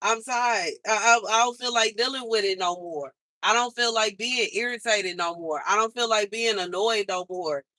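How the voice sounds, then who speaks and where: Young woman, livestream host, bright tense voice, dry close sound, frustrated repetitive venting. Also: medium pitch, moderate pace, few pauses, no room sound.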